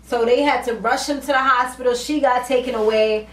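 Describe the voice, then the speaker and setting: Animated woman recapping a TV episode. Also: a little high, a little fast. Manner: animated storytelling, slangy, acts out characters' lines. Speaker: TV recap vlogger. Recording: roomy, distant from mic, faint ambience.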